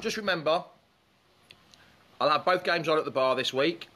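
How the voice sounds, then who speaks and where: A man's voice: a little high, moderate pace, sharp tone. A man hosting a casual live fan stream outdoors beside a swimming pool, chatting loosely and greeting viewers by name as their comments come in. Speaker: fan show host. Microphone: phone or camera set up by the pool.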